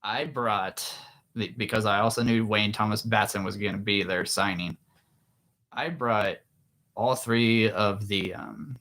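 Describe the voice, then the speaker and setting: Slow-talking man telling an anecdote. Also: on the low side. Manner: animated, with many restarts and laughs. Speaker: author and vlogger. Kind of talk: casual storytelling.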